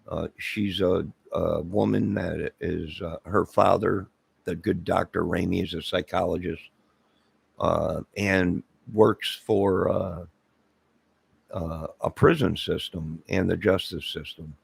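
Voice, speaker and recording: A man's voice: deep voice, fairly even intonation, takes it slowly, no room sound. A man hosting his own channel, talking in a rambling, casual commentary monologue full of fillers and asides. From Illinois. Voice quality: very gravelly, husky voice. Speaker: channel host.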